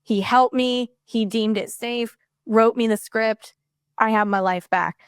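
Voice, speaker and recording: A woman chatting as a podcast guest, excited and rambling, with many fillers. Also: a little high, a little slow, clear, resonant tone, dry recording, clean studio sound. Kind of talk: casual chat.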